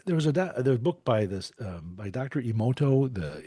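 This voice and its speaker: A man's voice: mid-range voice, big pitch swings, a little fast, dark tone, breathy edge, no echo, clean studio sound. A man in his forties, a podcast guest telling long anecdotes, repeating words as he thinks and laughing often. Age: 40s. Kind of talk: storytelling in a podcast interview.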